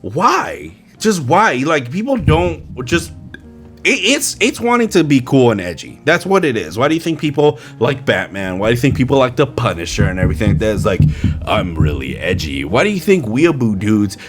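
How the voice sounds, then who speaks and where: Animated ranting podcast man. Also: mid-range voice, a little fast, faint music behind. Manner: exasperated, incredulous rhetorical questions. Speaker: podcast host. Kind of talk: casual commentary rant. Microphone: studio mic with pop filter.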